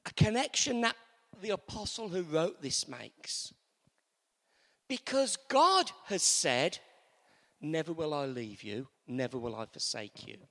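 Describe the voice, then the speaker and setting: A man's voice: fairly high pitch, sing-song, slow pace, creaky, a bit bright, long reverb tail. A man preaching a sermon in a church, leading the congregation in call-and-response and repeating key lines.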